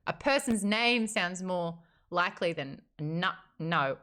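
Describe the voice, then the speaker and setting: A woman with an Australian accent hosting a casual live-stream chat, playful and quick to laugh. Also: medium pitch, expressive, a bit bright. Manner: playful, laughs often, jumps between topics. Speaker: host.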